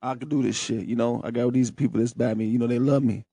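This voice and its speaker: A man's voice: mid-range voice, steady tone, fast, creaky, dark tone, husky, no echo. A young man hosting a podcast, telling a personal story in a candid, profane, emotional way. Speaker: podcast host.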